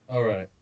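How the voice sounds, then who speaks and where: A man's voice: mid-range voice, gravelly, darkish tone, recorded from a distance, dull audio. A man hosting a comedy podcast game, steering the rounds and laughing along. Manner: wrapping up rounds, laughing, hedging. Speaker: podcast host running the game. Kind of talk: improv comedy banter.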